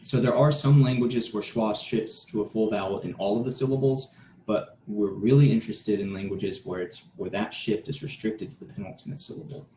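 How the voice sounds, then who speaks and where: A man's voice: fairly low pitch, a little fast, warm tone. A man giving an academic conference talk, explaining steadily and restarting a word now and then. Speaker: conference presenter. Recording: echoey room with faint noise.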